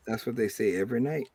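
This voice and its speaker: A man's voice: fairly low pitch, dark tone. Rambling joking Cajun man on a livestream. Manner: rambling, joking, crude humor. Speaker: livestream host. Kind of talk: casual livestream chat.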